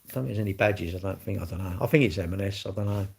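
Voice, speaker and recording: Low gravelly English man chatting live. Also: racing. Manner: rambling, cheeky, jokey banter with chat. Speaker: livestream host. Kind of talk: casual live-stream chat.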